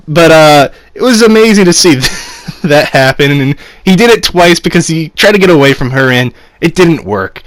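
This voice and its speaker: A man's voice: a little high, big pitch swings, moderate pace, no room sound. A young man casually reviewing an anime episode, rambling with fillers and frequent laughs.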